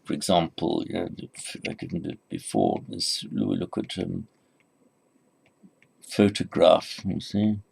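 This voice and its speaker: Male teacher, very low pitch, fry in the voice, halting lecture delivery, lots of ums. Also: very animated, darkish tone. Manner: halting, repeats words, many fillers. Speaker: Sanskrit teacher. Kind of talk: recorded lecture.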